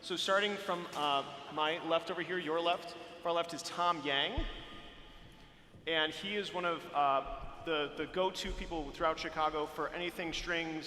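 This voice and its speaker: A man's voice: fairly high pitch, pushed and bright, a little hiss or hum. A man, a church music director, giving a friendly, rambling live-streamed talk with many fillers and restarts, speaking on a microphone inside a large church. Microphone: handheld or stand microphone. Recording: echoey hall, faint room ambience.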